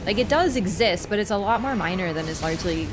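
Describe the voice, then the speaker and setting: Lively Canadian woman streaming a game. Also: mid-range voice, quick pace. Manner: chatty, answers chat between fights. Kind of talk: live game commentary. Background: game music.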